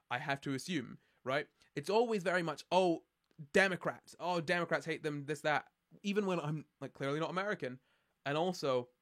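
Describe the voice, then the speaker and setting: A man from Scotland with a Scottish accent, chatting casually on a live stream in a rambling, sardonic way. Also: a little high. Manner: rambling, sardonic, many restarts and fillers. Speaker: streamer answering chat.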